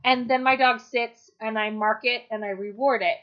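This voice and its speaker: A woman's voice: fairly high pitch, fairly even intonation, moderate pace. A woman dog trainer giving a practical, chatty lesson, with the odd "um" and "you know". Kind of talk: instructional talk. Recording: dull lo-fi recording.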